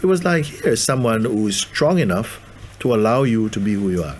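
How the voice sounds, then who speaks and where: A man giving a spiritual talk to a gathering, gentle and playful, laughing often. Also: on the low side, sing-song, moderate pace, slight background noise. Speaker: spiritual teacher.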